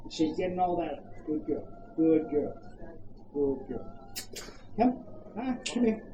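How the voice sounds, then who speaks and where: Australian dog trainer, firm quick commands, recorded from afar with a noisy outdoor background. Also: mid-range voice, lively intonation, highs cut off. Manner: brisk commands mixed with coaching questions. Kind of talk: hands-on dog training coaching. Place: outdoors at a campground. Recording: echoey, distant, noisy outdoor ambience.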